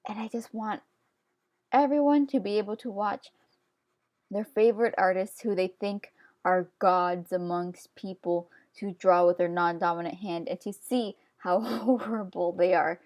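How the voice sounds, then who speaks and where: A woman's voice: mid-range voice, steady tone, a little slow, darkish tone. Chatty young woman rambling while drawing. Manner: chatty, self-mocking, laughs often. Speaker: art YouTuber. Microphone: computer screen-recording voice-over.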